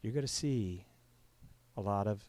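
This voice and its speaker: A man's voice: fairly low pitch, a little slow, a little mellow. A man hosting an interview show, giving short affirmations and promoting an exhibit at the close. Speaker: host.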